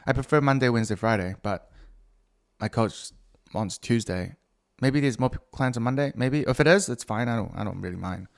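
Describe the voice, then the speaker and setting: A man's voice: mid-range voice, lively intonation, brisk, vocal fry. Rambling, profane middle-aged man. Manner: profane, rambling, self-mocking. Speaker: podcast host. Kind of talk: casual solo podcast monologue.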